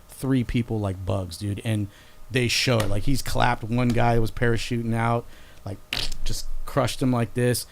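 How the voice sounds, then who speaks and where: A man's voice: mid-range voice, slight background noise. Rambling casual podcast guy. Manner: loose, rambling, swears casually. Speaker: podcast co-host. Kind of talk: casual chat.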